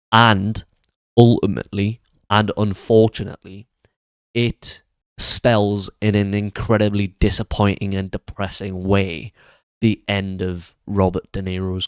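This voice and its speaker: A man with a lowish voice delivers an earnest, blunt film review. His words come through dry and close, with no room sound around them. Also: clean tone, dry recording.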